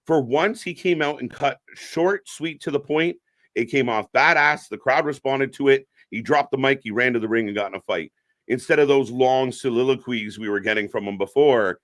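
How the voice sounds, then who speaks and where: A man's voice: medium pitch, a bit bright, no room sound, clean studio sound. A man from Canada co-hosting a wrestling live stream, chatting casually, greeting viewers by name and laughing often.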